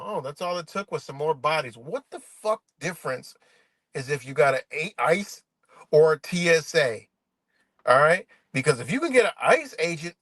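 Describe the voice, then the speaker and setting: A man's voice: on the high side, fairly bright tone, dry recording. A man ranting on his live stream, swearing a lot, exasperated and rambling, and mocking people in quoted voices. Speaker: livestream host.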